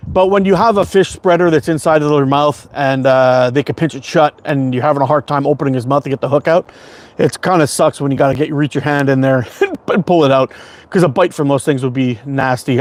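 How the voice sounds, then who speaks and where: A middle-aged man from Canada rambling through a casual livestream chat, swearing freely and laughing often. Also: mid-range voice. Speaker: slingshot livestream host.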